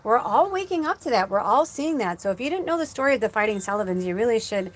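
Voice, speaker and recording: A woman's voice: fairly high pitch, big pitch swings, fast. A middle-aged woman, a psychic medium, telling a story casually on a livestream in a rambling way full of fillers, near tears. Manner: rambling, heavy use of "like" fillers; emotional, close to tears.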